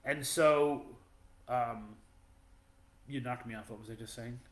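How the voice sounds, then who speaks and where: A man's voice: mid-range voice, unhurried, a bit bright. A man co-hosting a podcast, telling a story in a rambling, casual way with many fillers. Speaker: podcast co-host. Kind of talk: casual chat. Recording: echoey room.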